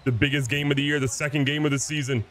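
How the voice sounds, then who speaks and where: A man's voice: medium pitch, little pitch movement, fast, fairly bright tone. A young man giving casual, playful commentary while playing a baseball video game, boasting and mocking himself as he goes. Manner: playful, boastful, self-mocking trash talk. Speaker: gaming YouTuber.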